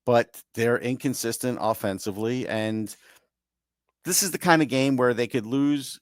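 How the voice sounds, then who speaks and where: A man's voice: mid-range voice, normal speed, no room sound, clean studio sound. A man co-hosting a podcast in casual sports chat, opinionated and teasing, laughing easily. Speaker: podcast co-host.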